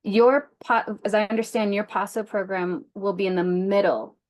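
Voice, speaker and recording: A woman's voice: medium pitch, fairly even intonation, moderate pace, a little mellow. Casual woman presenting a grant session. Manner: casual, many "like" and "um" fillers. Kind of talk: informational session, conversational.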